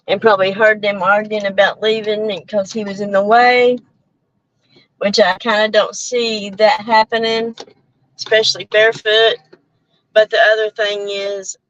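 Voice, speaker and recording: Slow-talking woman streaming from her car. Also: mid-range voice, a bit bright, dry recording, lo-fi sound. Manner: chatty, rambling, self-interrupting with laughs. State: out of breath. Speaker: channel host. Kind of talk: casual live-stream chat with viewers. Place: in a car while driving. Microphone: headphones with mic.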